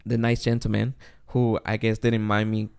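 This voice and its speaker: Male podcast host, animated storyteller who swears a lot; mid-pitched, smooth resonant voice, dry close sound. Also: normal speed, no echo. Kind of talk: casual chat.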